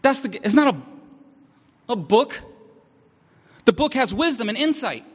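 A man's voice: extremely high pitch, sing-song, measured pace, breathy edge. A man preaching a sermon, candid and self-mocking, speaking earnestly about needing help. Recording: dull sound with long hall reverb.

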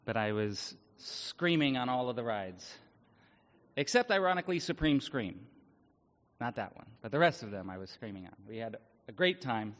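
A middle-aged man, a teacher, giving an earnest devotional talk to a congregation, his voice slightly hoarse, pausing often with ums. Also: mid-range voice, very animated, a bit bright. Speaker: lay speaker and middle school teacher. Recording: dull lo-fi sound with long hall reverb.

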